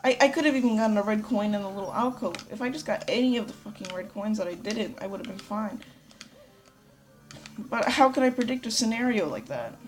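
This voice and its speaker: A woman's voice: medium pitch, a little fast. Rambling, cursing woman over game music. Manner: rambling, swears a lot, animated. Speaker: gameplay commentator. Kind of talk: casual let's play commentary.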